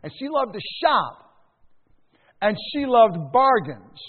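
Older male pastor, high voice, hall echo. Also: big pitch swings, takes it slowly, husky. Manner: conversational preaching with emphatic rises and soft drops. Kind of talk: sermon. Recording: tinny phone-like sound in a reverberant hall.

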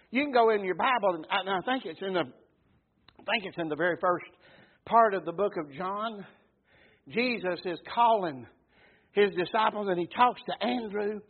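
A preacher with a notably high, husky voice delivers a folksy sermon. He spins homespun stories and keeps checking in with the congregation. The recording sounds muffled and narrow, like a phone line. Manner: folksy storytelling preacher, calls out "Amen?". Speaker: pastor.

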